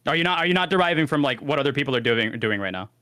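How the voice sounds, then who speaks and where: A man arguing in a casual online debate over a voice call, talking fast and rambling through his points. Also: mid-range voice, animated, sharp tone, no room sound, studio quality. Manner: rapid, argumentative, rambling. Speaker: debater, YouTuber.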